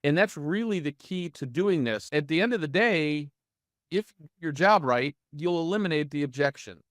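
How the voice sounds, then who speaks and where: A middle-aged man coaching real estate agents in a live online training session, energetic and full of rhetorical questions to his audience. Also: a little high, moderate pace, dry recording, clean studio sound.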